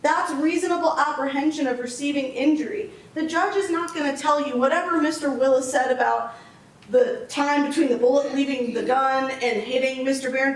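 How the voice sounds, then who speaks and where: A woman prosecutor walks a jury through the law step by step, stressing each point with emphasis. Her voice sits somewhat high. She is picked up from a distance in an echoey courtroom, with faint noise underneath. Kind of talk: closing argument to a jury.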